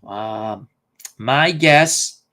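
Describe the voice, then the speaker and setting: A man's voice: mid-range voice, drawn-out words, pushed and bright. A man hosting a casual live stream, thinking aloud and reading out viewer comments. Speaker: host.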